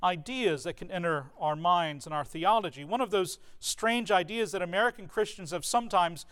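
A man with a fairly high voice delivers a sermon. He preaches earnestly and with emphasis, leaning on rhetorical questions to press his point. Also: normal speed, a bit bright, clean tone. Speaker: pastor.

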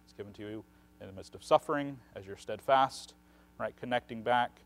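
A man's voice: mid-range voice, a little fast. Man explaining scripture, tagging "right?". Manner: explains at length, often adds a questioning "right?". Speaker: Bible teacher. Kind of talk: conversational Bible teaching.

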